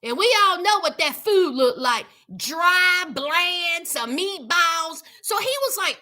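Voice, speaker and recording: A woman's voice: very high-pitched, animated, slow pace, few pauses, bright, forceful tone. A woman hosting a casual recap vlog, sassy and dramatic, talking back at the people she discusses. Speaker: YouTube recap host. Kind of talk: casual reality TV recap commentary.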